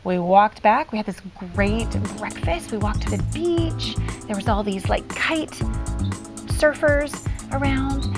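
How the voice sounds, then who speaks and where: A woman's voice: a little high, animated, a little slow, loud music behind the voice. A middle-aged woman talking in a casual diary vlog, rambling and heartfelt with many ums, recorded outdoors on a handheld camera. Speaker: vlogger. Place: outdoors near trees.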